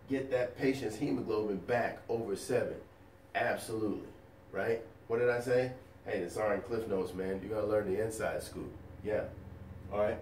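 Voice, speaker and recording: Man, nursing lecture, playful, rhetorical questions, lowish voice, echoey room, faint background hum. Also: distant mic. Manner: energetic, quizzing with rhetorical questions; folksy and playful. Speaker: nursing educator. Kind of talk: recorded lecture over slides.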